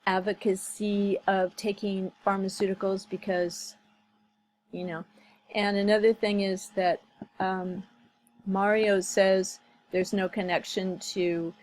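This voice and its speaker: A woman's voice: mid-range voice, little pitch movement, slow, a little mellow, dry recording, rough recording. A woman talking through commentary on a video clip, thoughtful and hesitant, full of fillers and restarts. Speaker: commentary vlogger.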